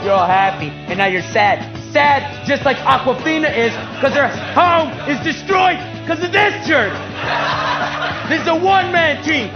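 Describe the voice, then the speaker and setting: An actor playing a brash, crude young male jock bully who shouts, taunts and laughs at his own jokes, in a comedic stage play. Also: very high voice, a little slow, muffled recording, music in the background. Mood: mocking.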